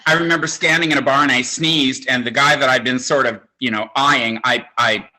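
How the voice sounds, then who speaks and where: A man's voice: mid-range voice, steady tone, fairly quick, bright, forceful tone. A man in his sixties doing a stand-up comedy set, with a campy, conversational, self-mocking delivery. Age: 60s. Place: home, virtual show.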